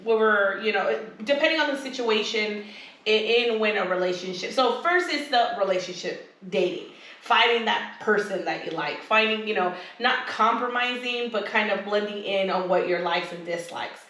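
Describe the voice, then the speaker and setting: A woman's voice: mid-range voice, normal speed, fairly bright tone. A woman co-hosting a podcast, chatting casually and rambling as she acts out what people said. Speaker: podcast co-host. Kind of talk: casual chat. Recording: echoey room, distant mic.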